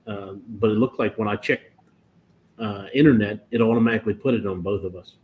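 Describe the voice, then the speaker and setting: Low-voiced man chatting on a lo-fi stream. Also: brisk. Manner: rambling, self-correcting storyteller. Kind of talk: casual chat. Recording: dull lo-fi stream audio with faint noise.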